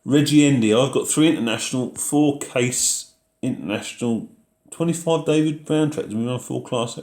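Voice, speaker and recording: A man's voice: mid-range voice, normal speed, a little mellow, echoey room. A man hosting a casual live question-and-answer chat about farming, reading out viewer messages and answering them in an easygoing way.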